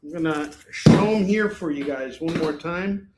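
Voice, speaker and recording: A man's voice: on the high side, unhurried, a little mellow, a little hiss or hum. A man hosting a live online shopping show, chatting casually and reading out items and prices in an upbeat way. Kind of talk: casual live-stream selling.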